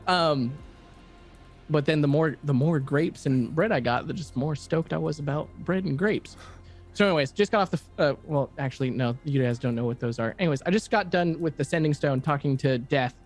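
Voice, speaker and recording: A chatty male god in duck form, played by a man, rattling on fast and casual like he's on the phone with an old boss. His voice sits a bit high for a man, and faint music plays underneath. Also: close to an everyday voice. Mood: rambling. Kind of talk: in-character tabletop role-play.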